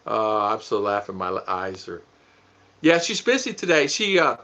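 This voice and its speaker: A man's voice: fairly low pitch, sing-song, unhurried, pushed and bright. A middle-aged man hosting a casual live stream, chuckling and rambling as he reads comments and thanks viewers by name. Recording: dull lo-fi stream audio.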